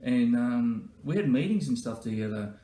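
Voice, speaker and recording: A man's voice: medium pitch, animated, normal speed, dark tone. A man, a former colleague, telling joking stories in a birthday tribute. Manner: joking, anecdotal, with fillers. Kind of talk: comic storytelling tribute. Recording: roomy echo.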